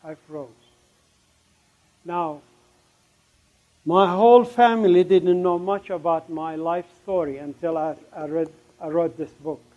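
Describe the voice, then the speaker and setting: A middle-aged man telling his testimony as a story. He speaks emphatically and acts out the remembered conversations, dropping suddenly to a hush at times. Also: fairly high pitch, slow pace, long pauses. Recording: dull, lo-fi recording.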